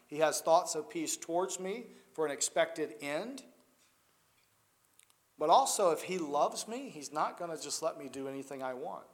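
A man preaching a sermon in a church, swinging between loud emphatic stretches and quiet, intense ones. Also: fairly high pitch, lively intonation, moderate pace.

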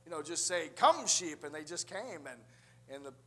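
Storytelling male preacher, higher-pitched. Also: brisk, sharp tone. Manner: storytelling, acting out quoted voices. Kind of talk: sermon.

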